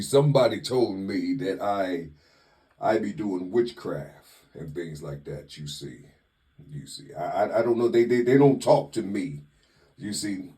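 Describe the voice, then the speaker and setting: A man giving a slow spiritual monologue, asking drawn-out rhetorical questions and repeating "you see" constantly. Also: medium pitch, warm tone. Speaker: spiritual teacher.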